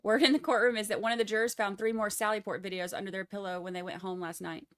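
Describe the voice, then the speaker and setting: A woman's voice: medium pitch, steady tone, quick pace, fairly bright tone, clear, resonant tone. Chatty Texan woman livestreaming commentary. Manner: chatty, joking asides to viewers. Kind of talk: casual live-stream commentary.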